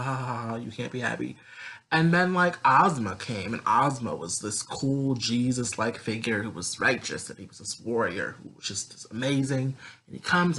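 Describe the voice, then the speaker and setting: A man recaps a story episode in a loose, sassy chat, swearing freely and rambling along. His voice is bright and sharp, at an average pitch for a man. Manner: animated, profane, sassy, rambling. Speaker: recap vlogger. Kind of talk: casual, profane story recap.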